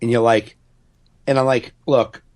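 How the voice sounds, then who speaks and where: A man's voice: medium pitch, flat delivery, a little slow, a little mellow. A man in a casual podcast chat, speaking earnestly and frankly with some swearing.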